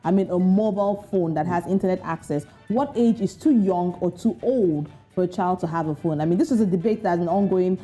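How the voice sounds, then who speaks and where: A woman's voice: on the low side, a little fast, hardly any pauses, dark tone, faint music behind. A woman co-hosting a breakfast news show, chatty and playfully needling. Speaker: co-host. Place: TV studio.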